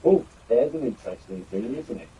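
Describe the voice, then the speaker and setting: Older man, very dark mellow voice, lively pitch, chatty history host, faint background noise. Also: fairly quick, muffled recording. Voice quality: chatty, rambling with fillers. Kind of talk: casual show-and-tell presentation.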